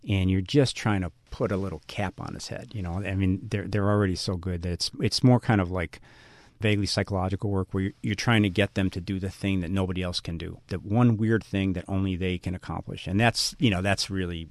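A middle-aged man with a low voice talks fast in a radio interview. He muses and runs himself down, restarting his sentences as he thinks. His voice sounds dry and close to the mic. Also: fairly even intonation, dry recording. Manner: self-deprecating, musing, many restarts. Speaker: guest author.

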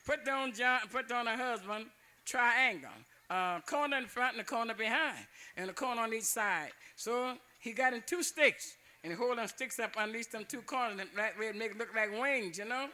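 An older man tells a folk tale in a loose, repetitive style with frequent chuckles. His voice sits high. Its tone is bright and forward. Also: moderate pace. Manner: chuckling, dialect-rich, repetitive. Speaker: storyteller.

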